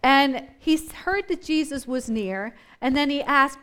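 A woman with a high voice leads a Bible study in a chatty, thinking-aloud way. She brings each scene to life, acting it out as she goes and asking her listeners questions. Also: unhurried. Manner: animated, acts out scenes and voices from the story. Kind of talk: conversational Bible teaching.

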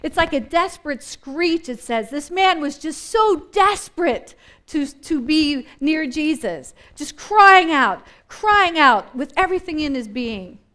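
A woman with a high voice leads a Bible study in a chatty, thinking-aloud way. She brings each scene to life, acting it out as she goes and asking her listeners questions. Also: measured pace. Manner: animated, acts out scenes and voices from the story. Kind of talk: conversational Bible teaching.

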